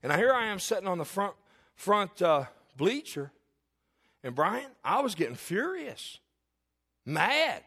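A middle-aged man preaching from the pulpit, his pitch sitting a little high and swinging widely as he presses a point. He talks to the congregation in a candid, conversational way, firing off rhetorical questions. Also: very animated, takes it slowly, pauses often, pushed and bright, husky. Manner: confessional, candid storytelling. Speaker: pastor. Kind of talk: sermon.

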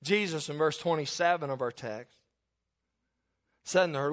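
A man's voice: fairly high pitch, moderate pace, long pauses, a bit bright. A middle-aged man preaching a sermon, who jokes about himself and acts out the voices of the people he quotes.

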